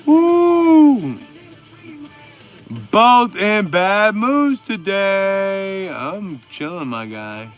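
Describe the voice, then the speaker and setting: A man in his forties hosting a livestream, reading chat and tossing back laid-back, profane banter. His voice sits a bit high and bright with an edge. He talks at an unhurried, drawn-out pace. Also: animated, clean tone, soft background music. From Texas. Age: 40s. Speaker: livestream host. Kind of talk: casual livestream chat reading viewer comments.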